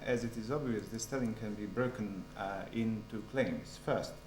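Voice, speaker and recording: Brief: male doctoral candidate, hesitant, low voice, echoey room with a steady hum. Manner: hesitant, many filled pauses. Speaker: doctoral candidate defending his thesis. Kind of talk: formal academic answer.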